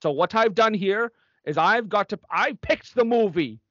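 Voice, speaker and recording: A man's voice: high voice, animated, normal speed, a bit bright, no echo, pitched above the performer's own voice. A man voicing a strict, threatening older nun who scolds and bosses people around. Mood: scolding. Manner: scolding, bossy. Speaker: host. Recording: dry, dull lo-fi recording.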